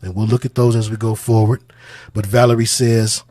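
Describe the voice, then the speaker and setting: A man giving spoken religious commentary on song lyrics, talking in a deliberate, musing, sermon-like way and circling back to repeat his points. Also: mid-range voice, fairly even intonation, dark tone, no echo. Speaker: channel host, religious music commentator.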